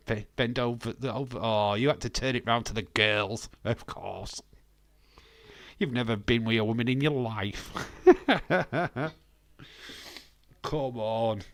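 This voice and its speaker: A man hosting a live stream, working through the chat with laughing, sweary banter. He talks at an unhurried, drawn-out pace, and his voice comes across close and dry with no room echo. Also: medium pitch.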